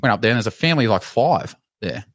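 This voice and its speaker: A man's voice: lowish voice, fast, no echo. Swearing Australian man telling a story. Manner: animated, swears freely, laughs through his story. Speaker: podcast co-host. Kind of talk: casual storytelling.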